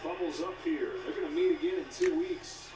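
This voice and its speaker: Lively TV football commentator heard off a TV. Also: male voice, extremely high pitch, a little fast, distant mic, over music. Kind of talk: broadcast sports commentary. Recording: TV broadcast heard from afar in an echoey room with loud noise.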